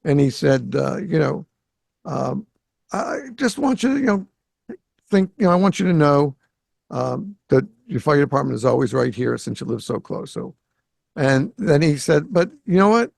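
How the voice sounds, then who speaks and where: Gravelly-voiced male storytelling host. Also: a little high, normal speed, no room sound. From Greater Boston. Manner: animated storyteller who acts out quoted dialogue. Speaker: podcast host. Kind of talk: casual storytelling conversation. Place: home in South Florida.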